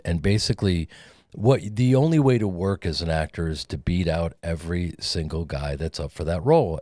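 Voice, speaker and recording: A man's voice: sits low, darkish tone, dry recording. A middle-aged man, a guest actor and comedian, telling casual anecdotes with acted-out quotes on a studio mic. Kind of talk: casual storytelling.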